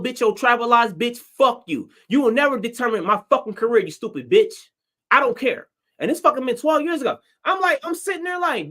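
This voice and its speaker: Profane animated comedian man. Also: very high voice, brisk. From Detroit. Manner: profane, animated, acts out his own reactions. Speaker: stand-up comedian. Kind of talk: livestream storytelling rant.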